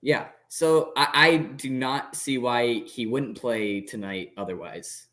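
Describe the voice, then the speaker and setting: A man's voice: mid-range voice, takes it slowly, pushed and bright. A man co-hosting a sports podcast, talking in a hesitant way that often restarts and repeats words. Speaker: podcast co-host. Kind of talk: casual sports chat.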